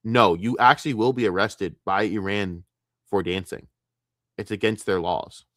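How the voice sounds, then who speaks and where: Male streamer, low voice, furious profane rant, dry close sound. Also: moderate pace, fairly bright tone, no room sound. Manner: angry, profane, emphatic. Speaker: streamer reacting to clips. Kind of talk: heated commentary rant.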